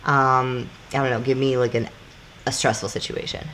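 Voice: mid-range voice, little pitch movement, moderate pace, a bit bright. A podcast co-host, explaining things in loose, casual chat that swears freely and acts out little scenes.

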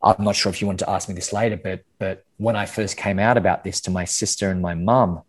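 Speaking fairly quickly in a low-pitched, steady tone, this Australian podcast guest gives a candid interview. His speech is peppered with restarts, repeated words and casual swearing.

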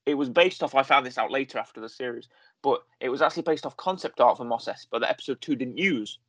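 A man talks through a review in a loose, rambling way, full of fillers and restarts. His pitch sits in a middle range. The sound is dry and close. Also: quick pace, no echo. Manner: rambling, self-correcting, lots of fillers. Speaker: podcast host reviewing a series. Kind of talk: casual conversational review.

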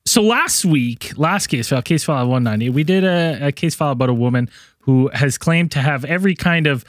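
Podcast co-host guy, slightly high voice, dry close sound, chatty and laughy, keeps restarting. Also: lively intonation, brisk, no room sound. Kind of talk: casual chat. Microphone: remote call mic.

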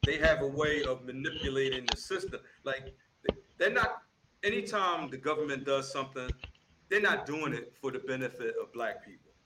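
A man's voice: medium pitch, expressive, moderate pace, background noise. A man in a casual debate who presses his point insistently and often repeats words.

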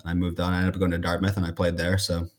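A young man from Iowa answers a podcast host's questions in a calm, modest way, pausing often with ums. His voice is very low for a man and stays relaxed and unhurried. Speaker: rugby player guest. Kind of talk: casual interview answers.

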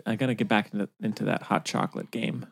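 A man's voice: lowish voice, steady tone, fast, gravelly, a little hiss or hum. A man co-hosting a podcast, chatting casually in an easygoing, agreeable and somewhat hesitant way. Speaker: podcast co-host. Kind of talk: casual chat.

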